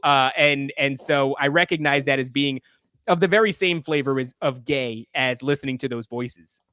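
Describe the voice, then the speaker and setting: A man's voice: medium pitch, moderate pace, pushed and bright, clear, resonant tone, dry recording, clean studio sound. A man in his thirties ranting heatedly and profanely on a podcast, rambling in casual talk. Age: 30s. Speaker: podcast guest.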